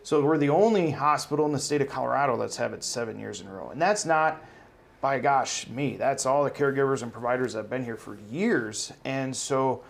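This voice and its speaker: A man in his forties, from South Dakota, with a gravelly, creaky edge to his mid-pitched voice. He talks through his career in an easygoing, upbeat interview manner, playing down his own part. He sounds humble and friendly. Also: brisk. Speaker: hospital CEO guest. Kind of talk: casual interview talk.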